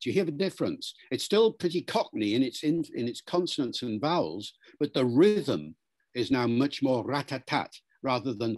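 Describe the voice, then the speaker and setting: An older man from Britain, a linguist answering interview questions in a lively lecturing way and acting out rhythms and accents as he talks. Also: medium pitch, moderate pace, dry recording. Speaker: linguist guest.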